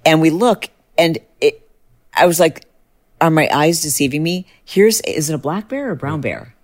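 A middle-aged woman hosting a podcast, chatting casually and telling a story with lively jumps in pitch when excited. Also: moderate pace. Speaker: podcast host. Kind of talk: casual chat.

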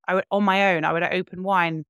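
A woman's voice: fairly low pitch, steady tone, a little fast, a bit bright, smooth, dry recording, studio quality. A woman, a podcast guest telling her own story in a frank, reflective way. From London, England. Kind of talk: candid personal storytelling.

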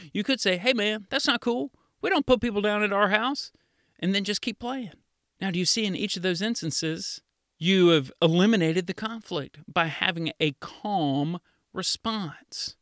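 A middle-aged man, a children's pastor, giving a lively storytelling devotional to kids and acting out the voices of children he quotes. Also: high-pitched, dry recording, clean studio sound. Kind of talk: kids' devotional talk.

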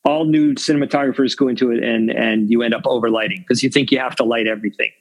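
A man's voice: medium pitch, fairly even intonation, fast talker, rough recording. A man talking casually in an interview about cinematography, rambling with many restarts and "you know"s. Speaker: cinematographer guest.

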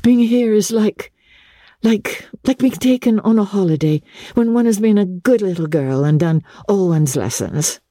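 A gentle, worldly young countess, put on by a woman reading a classic novel speaks low and musingly, her voice lifting lightly above the reader's own. The tone is husky and mellow, close and dry in a storybook reading. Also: expressive, unhurried, no room sound. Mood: delighted.

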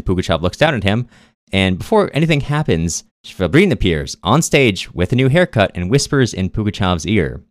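Deep-voiced man recapping a novel wryly. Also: no echo. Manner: wry, dry asides while retelling. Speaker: podcast co-host. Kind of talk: casual book recap.

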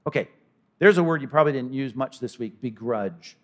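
A mid-range male voice, a little quick, carries this pastor's expository sermon. He talks in a conversational manner and gets animated, acting out characters through asides.

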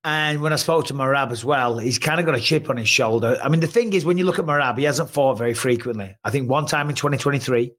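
A man's voice: mid-range voice, quick pace, few pauses, fairly bright tone. A man hosting a podcast in casual chat, emphatic and full of tag questions. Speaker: podcast host.

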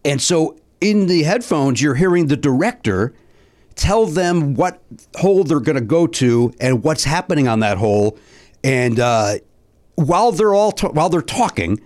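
A man's voice: on the high side, expressive, normal speed, darkish tone. A middle-aged man chatting as a podcast guest, telling a story with lots of fillers and restarts. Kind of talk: casual chat, telling a story.

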